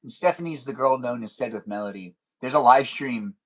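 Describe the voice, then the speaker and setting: A man's voice: medium pitch, a little fast. Playful man chatting on a live stream. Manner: playful, teasing, rambling. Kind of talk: casual live stream chat reading comments.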